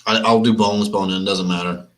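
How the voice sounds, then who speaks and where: Young guy hosting a sports watch stream, kinda low voice, rambly and chill, lots of restarts. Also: steady tone, quick pace. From Flint, Michigan. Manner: rambling, chatty, laid-back, repeats himself. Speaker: sports livestream host. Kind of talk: casual chat on a live stream.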